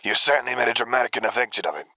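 A man's voice: fairly low pitch, lively intonation, a little fast, sharp tone, slightly rough, no echo, full character voice. A man reading the part of a cheerful male clone trooper who speaks in a teasing way.

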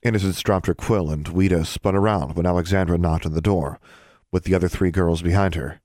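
A man narrating an audiobook in an even, measured way. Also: sits low, dry recording, clean studio sound.

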